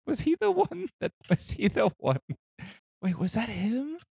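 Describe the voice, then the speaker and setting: Lively, laughing male podcast co-host. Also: extremely high pitch, a little slow, gravelly, slightly rough, no echo, studio quality. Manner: animated, laughs often, playful. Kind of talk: casual chat.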